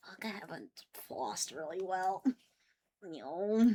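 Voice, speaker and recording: A woman's voice: mid-range voice, animated, slow. A woman streamer reacting to a video in casual chat, squeamish and full of exclamations.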